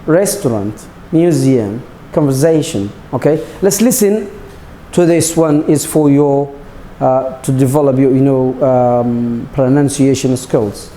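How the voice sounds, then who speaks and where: A man's voice: mid-range voice, a little slow, dark tone, reverberant, slight background noise. A male English teacher, a native Arabic speaker, explaining a lesson with many restarts and repeated words, now and then adding Arabic glosses. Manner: repeats himself, stumbles, adds Arabic glosses. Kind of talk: recorded classroom lesson.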